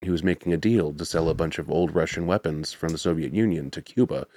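A man's voice: sits low, fast talker, a little mellow. A man co-hosting a podcast at home, rambling and sarcastic as he retells stories at length. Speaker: podcast co-host. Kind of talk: casual chat.

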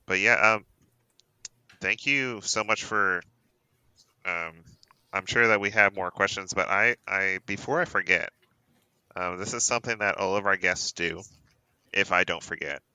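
A man's voice: low voice, a little slow, pauses often, pushed and bright, smooth, no echo, low-quality recording. A man from Canada, hosting a podcast in eager, chatty casual talk. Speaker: podcast host.

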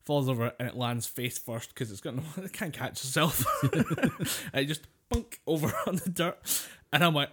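A man's voice: mid-range voice, normal speed, a bit bright. A man co-hosting a casual podcast, telling a story with a lot of swearing and laughter. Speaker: podcast co-host. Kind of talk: casual chat.

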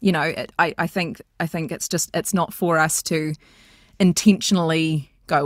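A woman's voice: fairly low pitch, fast talker, dry recording, studio quality. A young woman, talking animatedly and playfully as a podcast guest. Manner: animated, playful, laughs often, slips into character voices. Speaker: guest, voice coach. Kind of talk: casual podcast interview.

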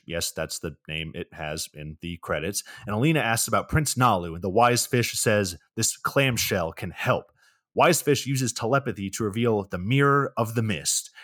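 A man co-hosting a podcast, recapping a movie in a deadpan, sarcastic way and swearing often. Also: fairly low pitch, dry recording, clean studio sound. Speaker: podcast co-host.

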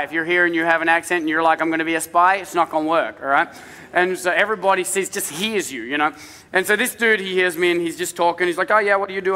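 A man's voice: on the high side, bright, forceful tone, big-room sound. A man with an accent, a pastor telling a self-mocking, chatty story in a humorous sermon in a church. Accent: non-native English accent.

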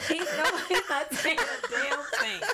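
Lively woman comedian telling stories. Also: extremely high pitch, unhurried. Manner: animated storytelling, laughing through her lines. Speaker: comedian guest. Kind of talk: casual podcast chat. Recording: loud background noise.

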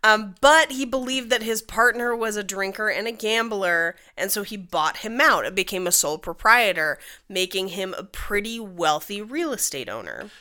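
A woman's voice: medium pitch, expressive, moderate pace, hardly any pauses, bright, forceful tone. A woman co-hosting a podcast, telling a history story in casual chat with wry asides. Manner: chatty, laughs often, wry asides. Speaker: podcast co-host.

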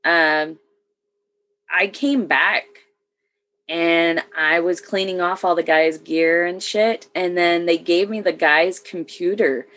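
Woman veteran, low voice, matter-of-fact storytelling, casual chat. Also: fairly even intonation, takes it slowly, fairly bright tone. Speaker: military veteran. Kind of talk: casual conversation.

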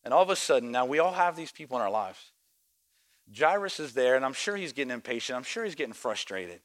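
A male pastor preaching a sermon. He acts out the voices of people in the story and swings between quiet reflection and loud, shouted exhortation. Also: medium pitch, big pitch swings, fast. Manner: acts out voices of story characters and church members.

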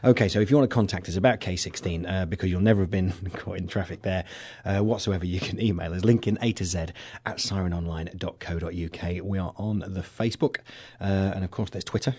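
Joking English radio co-host, low voice. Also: male voice, fast, darkish tone, husky. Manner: joking, teasing, with frequent fillers. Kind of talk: chatty local radio banter.

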